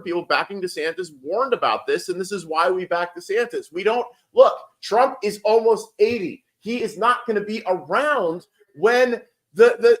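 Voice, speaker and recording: A man's voice: high-pitched, fairly bright tone. A man giving rambling, heated political commentary on a casual livestream, swearing and restarting often.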